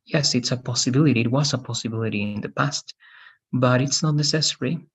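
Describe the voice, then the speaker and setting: A man's voice: mid-range voice, brisk, husky. Man teaching a recorded grammar lesson. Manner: explanatory, frequent tag questions and restarts. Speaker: English teacher.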